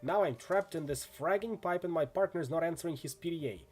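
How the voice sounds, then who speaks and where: A man's voice: on the high side, brisk, a little mellow, natural voice. A man reading as a trapped runner begging for help. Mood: pleading. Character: runner trapped in a pipe, pleading.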